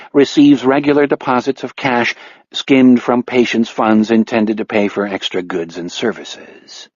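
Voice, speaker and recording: A man narrating an audiobook in a wry, measured storytelling manner. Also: mid-range voice, darkish tone, no room sound. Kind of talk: scripted narration. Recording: dry, slightly dull audiobook recording.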